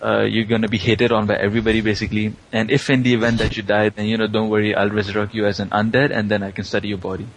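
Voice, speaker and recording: A man's voice: fairly low pitch, flat delivery, racing, hardly any pauses, slight background noise, close to an everyday voice, low-quality recording. A man voicing a blunt teacher who delivers grim warnings in an offhand, matter-of-fact way. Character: blunt woman teacher, morbidly casual.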